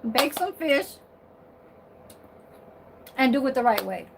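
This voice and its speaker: High-voiced sassy woman chatting to viewers. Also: very animated, slow pace, gravelly, heavy background noise. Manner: sassy and blunt, swears, laughs often. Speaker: vlogger. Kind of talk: casual chat to viewers. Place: her bedroom.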